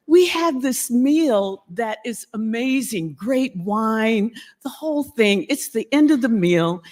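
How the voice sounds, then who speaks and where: A woman telling a playful, laughter-filled story as she introduces a guest speaker at a college convocation. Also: fairly high pitch. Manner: animated, playful, laughing often.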